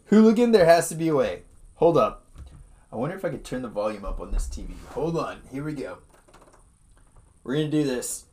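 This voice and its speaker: An excitable man co-hosting a laid-back podcast, his voice jumping up and down in pitch as he chats. He talks casually, tossing in "dude" and the odd swear word. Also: fairly quick, pauses often. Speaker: podcast co-host. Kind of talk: casual chat.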